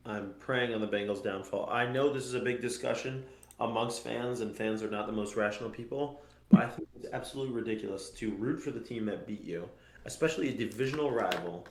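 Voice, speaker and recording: A man's voice: lowish voice, fairly quick, darkish tone, roomy sound, a little hiss or hum. A man co-hosting a sports podcast, earnest and building to heated frustration with hesitant restarts. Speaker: podcast co-host. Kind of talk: casual sports chat.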